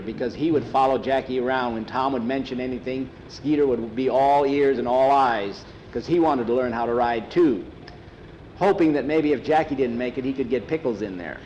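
A man telling a story aloud in a plain, unhurried, homespun way. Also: mid-range voice, a little mellow, a little hiss or hum, poor audio. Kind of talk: oral storytelling.

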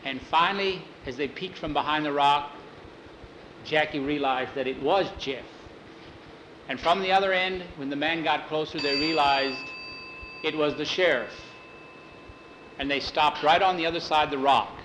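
A man telling a western tale in an unhurried, folksy way, correcting himself as he goes. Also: a little high, a bit bright, slight background noise, low-quality recording. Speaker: storyteller. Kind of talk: oral storytelling.

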